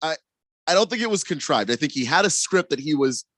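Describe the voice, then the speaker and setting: A man's voice: fairly high pitch, animated, fairly quick, a bit bright. A man co-hosting sports talk radio, talking casually with frequent restarts and chuckles. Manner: stammering restarts, laughs while talking.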